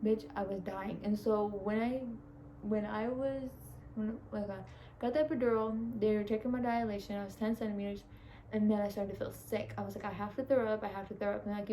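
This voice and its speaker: A young woman vlogs a casual storytime with a mellow, relaxed voice. She is blunt and profane, and faint noise hums behind her. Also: mid-range voice, poor audio. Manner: blunt, profane, animated retelling. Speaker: vlogger.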